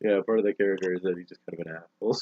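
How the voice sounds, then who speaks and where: A man's voice: deep voice, lively intonation, fast, mellow. A young man hosting a podcast, telling rambling stories and laughing often in casual chat. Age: young adult. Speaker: podcast host. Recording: dull lo-fi dry recording.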